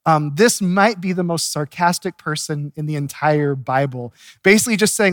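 High-voiced man preaching a sermon. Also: moderate pace, no echo, studio quality. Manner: lively storytelling, chuckling at the text. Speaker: pastor. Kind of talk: expository sermon.

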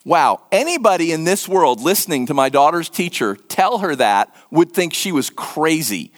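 A middle-aged man preaching a conversational sermon, animated and repetitive for emphasis. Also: fairly high pitch, moderate pace. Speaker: pastor.

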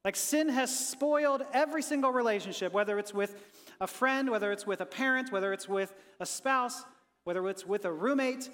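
A pastor giving an energetic, conversational sermon and talking with his congregation in a church. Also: high-pitched, brisk, big-room sound.

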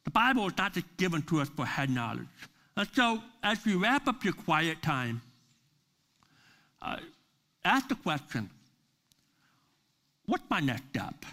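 A man preaching a sermon as pastor at a church service, earnest and building to forceful emphasis on key words. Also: a little high, big pitch swings, a little slow, pauses often.

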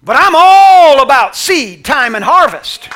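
A man's voice: very high voice, sing-song, measured pace, voice pushed up, exaggerated voice. A male preacher voicing God as an insistent divine voice that corrects a prophet. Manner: insistent, rising to a shout.

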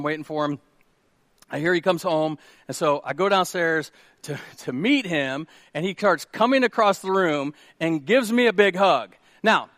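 A man, preaching a sermon with animated storytelling and questions to the congregation. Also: on the high side, dry recording, studio quality. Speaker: pastor.

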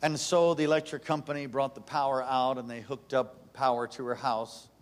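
A middle-aged man preaching a sermon, intense and animated, telling stories and jumping into high voices for characters. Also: moderate pace.

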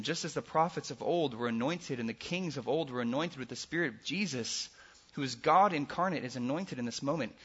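A pastor preaches a sermon in a slightly high voice with a bright, forceful edge and a faint husky grain. He is earnest, swinging between loud emphasis and hushed passages, and the recording sounds dull and lo-fi.

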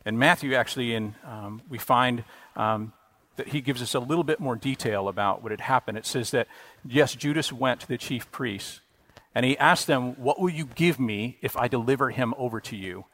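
A male pastor delivering a sermon in a mid-range voice. His delivery is earnest, swelling on key phrases and then falling soft, with the odd stumble and restart. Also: medium pitch, moderate pace. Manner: earnest preaching with emphatic rises and quiet drops, occasional restarts.

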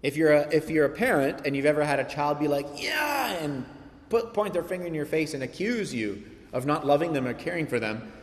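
A man in his thirties preaches with earnest conviction, raising his somewhat high voice to emphatic peaks and posing rhetorical questions to his congregation. His words ring out with a long reverb that fills a large hall. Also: animated, quick pace. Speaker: pastor. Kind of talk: sermon.

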